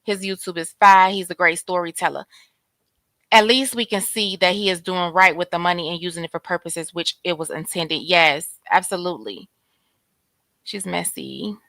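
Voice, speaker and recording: A woman's voice: fairly low pitch, normal speed, bright, forceful tone. A woman hosting a casual live commentary chat, blunt and slangy, talking straight to her viewers. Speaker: host.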